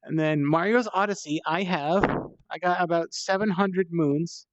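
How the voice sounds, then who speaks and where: A man's voice: high voice, unhurried. A man rambling casually while he plays in VR, chatty and self-deprecating, tired and thirsty from the climb, talking into a headset mic. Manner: chatty and self-deprecating, swears when strained. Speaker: VR streamer. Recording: dull, slightly lo-fi dry mic sound.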